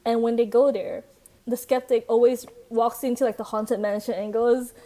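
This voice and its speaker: Woman guest, high voice, chatty, acts out quotes with laughs. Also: little pitch movement, moderate pace, warm tone. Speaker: podcast guest. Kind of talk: casual chat.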